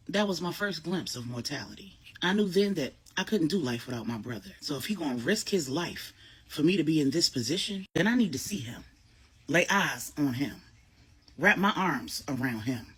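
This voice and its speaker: A woman's voice: deep voice, slightly rough. A woman reading the part of an anxious young man who is a devoted older brother, speaking earnestly. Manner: earnest, pleading.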